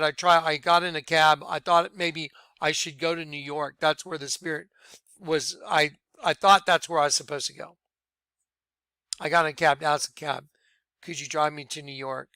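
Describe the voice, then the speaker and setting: Bright, crisp-voiced man preaching. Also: on the high side, steady tone, moderate pace, dry recording. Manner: earnest, drops to quiet hushed tones when quoting. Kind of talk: sermon-style testimony.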